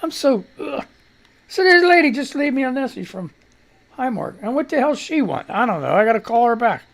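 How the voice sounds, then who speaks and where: Gravelly, congested man rambling on air. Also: extremely high pitch, very animated, a little fast, a bit bright. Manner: rambling, profane, laid-back. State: congested and wheezing with a cough. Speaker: radio show host. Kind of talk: casual live radio talk.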